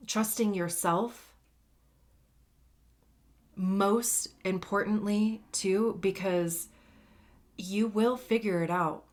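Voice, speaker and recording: A woman's voice: mid-range voice, drawn-out words, long pauses. A woman giving a casual, slangy tarot reading, chatty and laughing often. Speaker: tarot reader.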